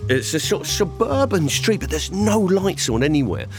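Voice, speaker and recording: A man telling a long comic anecdote to a panel, rambling and animated, acting out other people's voices. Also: fairly high pitch, moderate pace, over music. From England. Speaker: comedian storyteller.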